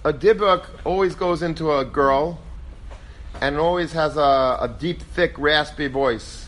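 A man teaching a Torah class as a rabbi, telling stories in a lively way and acting out quoted voices. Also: on the high side, unhurried. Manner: animated, acts out quoted voices; lively storytelling, peppered with Hebrew and Yiddish terms.

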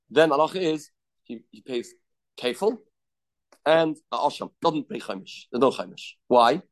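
Man teaching a Talmud lesson. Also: medium pitch. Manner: explains step by step, asking questions and answering them; mixes English with Hebrew and Aramaic terms. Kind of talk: daily Talmud class.

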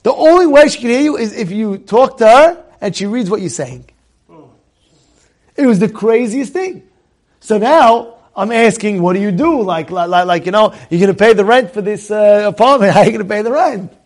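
A man telling a casual anecdote in an animated way, often repeating words and restarting his sentences. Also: high-pitched, moderate pace. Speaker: storyteller.

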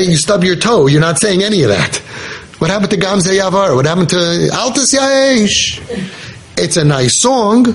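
This parenting podcast speaker, with a voice that sits high, recounts a personal story in an informal talk to a group of listeners. He is earnest, frequently restarts sentences, and weaves in religious Hebrew terms.

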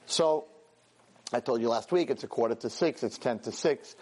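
A man teaching a weekly class, telling a story with lively energy, stumbling over and repeating words and acting out the characters' lines. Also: medium pitch, normal speed. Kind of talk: animated storytelling lesson.

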